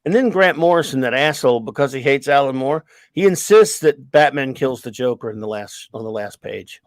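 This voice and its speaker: A man's voice: medium pitch, expressive, fairly quick, no room sound. A middle-aged man hosting a casual stream, telling long rambling stories laced with profanity. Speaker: livestream host. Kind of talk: casual chat.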